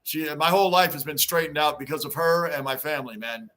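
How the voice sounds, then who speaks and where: Excitable bright-voiced male livestream host. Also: fairly high pitch, fairly quick. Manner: excitable, repeats himself for emphasis. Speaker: livestream host reading fan chat. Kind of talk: casual livestream chat. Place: home basement.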